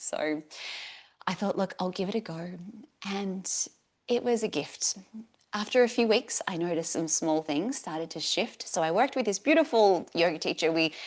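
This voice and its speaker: A woman, a fertility yoga teacher telling her own story in a live class, earnest and at times emotional and soft. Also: on the low side.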